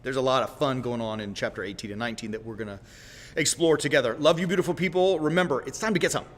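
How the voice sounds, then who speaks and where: Racing along in a mid-range voice, this man preaches informally on a Christian livestream, folksy and direct, peppering his talk with "right?". He wanders, stops to fix his own words, and apologizes as he goes, all under a long reverb from a roomy space.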